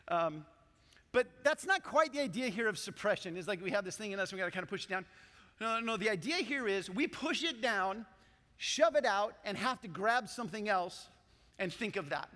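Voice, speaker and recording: A man's voice: high voice, sharp tone, big-room sound. A male pastor preaching a sermon, joking and calling on the congregation to join in. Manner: playful, joking, audience participation. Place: large church hall.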